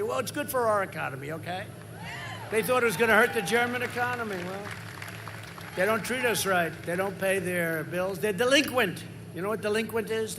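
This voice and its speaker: A man in his seventies giving a rambling, repetitive campaign rally speech, swinging into loud emphasis. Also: high voice, noisy background. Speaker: politician at a rally.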